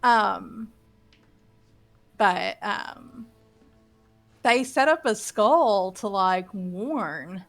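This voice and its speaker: A woman player telling a tabletop game recap in casual chat, lively and swearing freely. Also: medium pitch, drawn-out words, gravelly, pauses often, faint music behind.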